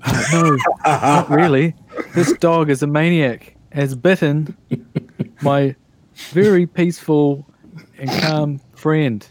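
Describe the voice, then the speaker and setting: A man playing his character in a tabletop game, with a wry, deadpan manner. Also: fairly high pitch, slow, long pauses. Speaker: player.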